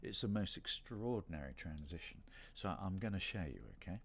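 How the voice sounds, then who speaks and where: A man's voice: low-pitched, lively intonation, a little fast, slight background noise. A middle-aged man from Britain chatting casually on a livestream signing session, rambling and self-deprecating with playful asides. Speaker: voice actor hosting a signing stream.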